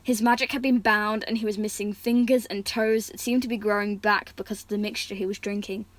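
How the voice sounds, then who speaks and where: A woman's voice: mid-range voice, fairly even intonation, a little fast, no room sound, rough recording. A woman reading a fantasy story aloud, restarting words now and then. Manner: reads characters' lines with stronger feeling, slips and restarts words. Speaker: reader.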